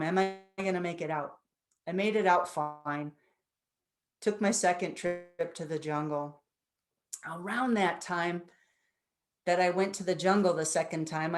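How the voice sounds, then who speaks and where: Earnest and reflective, a fifties-aged woman whose voice sits on the low side shares personal stories as the guest speaker at a spiritual center.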